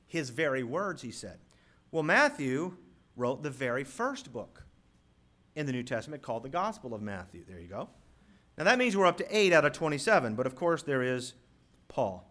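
A man pastor preaching a sermon, reading scripture slowly and swelling loudly on key words as he teaches his congregation. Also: medium pitch, expressive. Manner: emphatic preacher, rising loud on key words, slows to read scripture. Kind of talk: sermon with live props.

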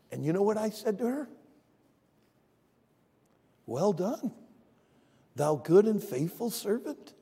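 A man's voice: high-pitched, very animated, slow, creaky, pauses often, warm tone, breathy edge, big-room sound. A man preaching a sermon as pastor, telling a story and then urging his congregation with rising emphasis. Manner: storytelling, swelling to emphatic exhortation.

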